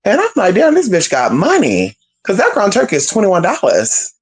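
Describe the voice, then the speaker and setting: Lively storyteller vlogger with swooping pitch, swears freely, slangy, keeps addressing viewers. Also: normal speed, slightly rough. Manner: animated, profane, slangy, addresses viewers as "y'all". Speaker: spiritual vlogger.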